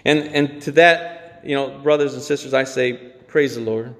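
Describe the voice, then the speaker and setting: Earnest preacher in a reverberant hall. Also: male voice, mid-range voice, fairly even intonation, normal speed. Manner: earnest, repeats words, brief chuckles. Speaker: pastor. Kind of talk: sermon.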